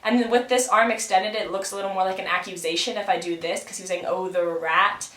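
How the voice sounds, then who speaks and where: A woman's voice: mid-range voice, steady tone, fast, fairly bright tone. Young woman student, casual chatty explainer, filler-heavy, roomy camera-mic sound. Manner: chatty, many fillers, thinking aloud. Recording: roomy echoing room.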